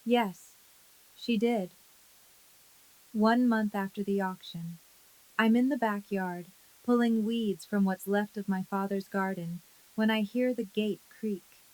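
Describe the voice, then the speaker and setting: A woman reading a scripted first-person story in a calm, measured way. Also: mid-range voice, rough recording. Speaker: narrator.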